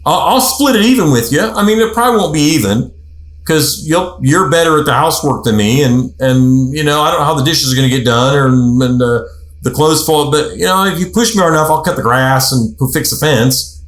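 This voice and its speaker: Man doing clueless husband, hard-working, halting and stammering, pitched up, roomy echo. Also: lively intonation, a bit bright. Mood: earnest, fumbling. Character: hardworking, emotionally clueless husband.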